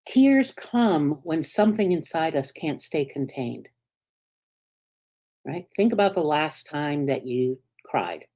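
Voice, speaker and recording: A woman minister preaching in a slightly low voice, talking with the congregation more than at them. She drops into soft, hushed asides, then rises to bright, emphatic peaks, and keeps asking "right?". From United States. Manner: conversational, earnest, asks the congregation "right?". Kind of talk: sermon.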